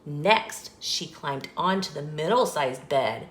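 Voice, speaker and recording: A woman hosting a children's channel, reading a picture book aloud with slow, expressive storytelling. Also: on the low side. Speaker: children's story reader and host. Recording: echoey room.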